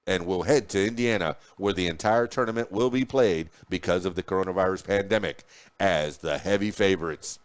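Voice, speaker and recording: A man hosting a podcast, reading news headlines and history facts aloud with small slips and restarts. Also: on the low side. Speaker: podcast host.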